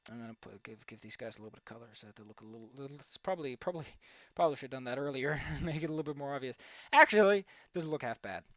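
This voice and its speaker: A man's voice: medium pitch, animated, racing, a bit bright, no echo. A young man rambling goofily as he draws on a stream, repeating words playfully and joking to himself. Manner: goofy, rambling, playful repetition. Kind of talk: casual commentary while drawing.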